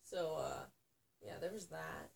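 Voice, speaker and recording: A woman chatting casually, recounting a minor story in a relaxed way. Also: low-pitched, slow pace, creaky, slight background noise. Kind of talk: casual chat.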